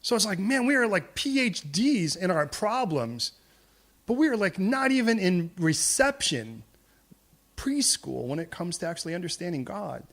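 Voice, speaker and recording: A man preaching a sermon in a church, lively and humorous, slipping into acted voices for the people in his story. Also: high-pitched, moderate pace. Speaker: pastor.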